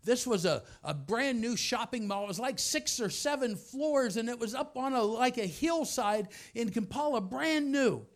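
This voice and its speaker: A man preaching through a personal story, swinging from hushed softness to loud shouting. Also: very high voice, expressive, normal speed, few pauses. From United States. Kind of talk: storytelling sermon.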